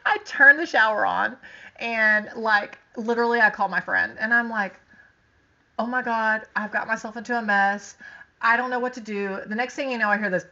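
A woman tells a story on a casual podcast, filling it with "like" and acting out every quote. Her voice is bright and sits a little high. The recording sounds dull and lo-fi. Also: moderate pace. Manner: animated, laughing, frequent "like", acts out quotes. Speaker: podcast co-host telling a story.

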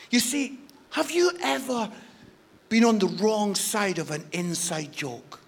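A man preaching a passionate sermon as a guest speaker, dropping to near-whispers and then rising to shouts. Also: sits high, big pitch swings, takes it slowly, creaky, slightly rough. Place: church service.

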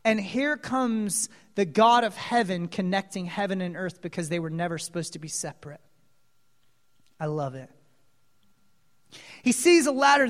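A man preaching a sermon, retelling a Bible story as an animated storyteller who keeps asking the audience questions. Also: high-pitched. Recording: long reverb of a large hall.

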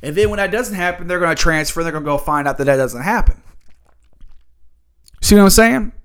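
A man's voice: high voice, a little fast, a bit bright, smooth. A man hosting a solo sports talk show, ranting in a fired-up, profane way. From Louisville area.

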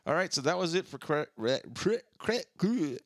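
A man's voice: on the high side, big pitch swings, moderate pace, no echo, clean studio sound. A man co-hosting a podcast in casual chat, easygoing, reading out listener comments and adding his own.

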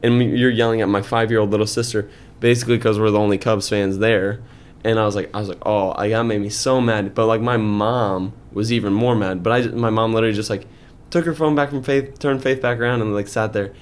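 A man's voice: lowish voice, fast, smooth. A young man in his twenties, a podcast co-host, telling a story in casual chat with lots of fillers and rising heat. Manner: animated storytelling, many fillers.

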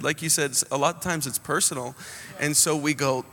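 A man on a songwriting panel telling lively anecdotes and quoting others in his stories. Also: fairly high pitch, fairly quick, a little hiss or hum. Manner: animated anecdote-teller, quotes people in his stories. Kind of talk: casual panel storytelling. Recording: long hall reverb.

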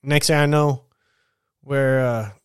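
Guy rambling through a work story on his podcast, lots of swearing, clean smooth voice, dead dry room. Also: mid-range voice, takes it slowly, no room sound. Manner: rambling, profane, animated retelling. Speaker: podcast host. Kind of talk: casual storytelling monologue. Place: at home getting ready for bed.

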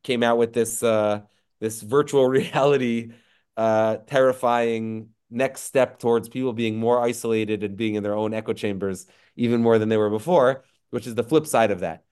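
A man teaching an online class in a reflective way, with frequent fillers, drawing out quoted phrases slowly, recorded on a computer mic during a video call. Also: medium pitch, steady tone, darkish tone, clean tone. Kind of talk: online lecture.

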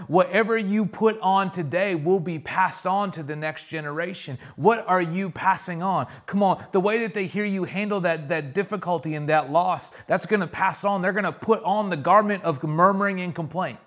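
A man in his thirties delivers a sermon with a fairly high voice. He urges the congregation on with repeated calls and builds his points with force. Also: fairly bright tone. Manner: preaching with rising intensity, repeated "come on" calls. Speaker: pastor.

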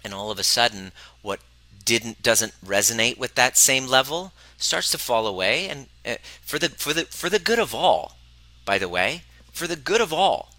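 A man's voice: medium pitch, very animated, normal speed, sharp tone, no echo, rough recording. A man coaching a live group on relationships, speaking emphatically and bluntly, swearing freely and repeating phrases for emphasis. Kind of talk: motivational talk to a live group.

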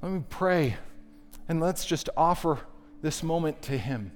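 A man preaching as a pastor and leading a prayer, earnest, turning soft and quiet in prayer and then swelling to emphatic calls. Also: fairly high pitch, animated, unhurried. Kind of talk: sermon with closing prayer. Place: church sanctuary. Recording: long hall reverb with faint music.

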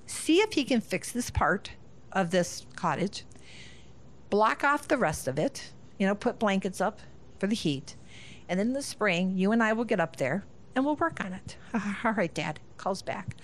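A woman's voice: on the high side, very animated, normal speed. A middle-aged woman from Northern Ohio, a guest speaker, telling a family story with laughter and acted-out lines of dialogue. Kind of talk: storytelling talk.

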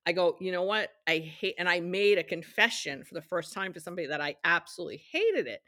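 Low-voiced middle-aged woman telling stories. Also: lively intonation, fast talker, few pauses, a bit bright, no echo, studio quality. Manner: chatty, acts out quoted dialogue in her anecdotes. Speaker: interview guest, studio executive. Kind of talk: casual storytelling interview.

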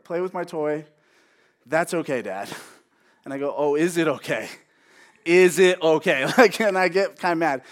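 A man's voice: fairly high pitch, fairly bright tone. A man in his thirties preaching a sermon in a conversational way, with self-joking asides.

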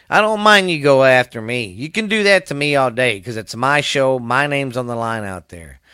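A man's voice: medium pitch, fairly bright tone, smooth, dry recording, clean studio sound. A middle-aged man with a Southern US accent hosting his own podcast alone, rambling in a profane, fired-up drawl. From American South. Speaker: podcast host. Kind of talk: casual solo podcast rant.

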